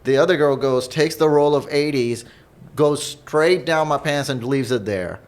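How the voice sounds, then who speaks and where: A young man, a stand-up comedian and podcast guest, telling crude stories in a relaxed, profane way and laughing as he goes. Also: on the high side, normal speed. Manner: laid-back, profane, laughs through his stories. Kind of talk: casual storytelling chat.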